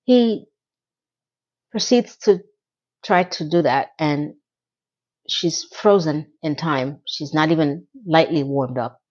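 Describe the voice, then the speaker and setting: A woman casually recapping a TV episode in a blunt, animated, swearing style. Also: deep voice, slow, pauses often, lo-fi sound. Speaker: TV recap vlogger.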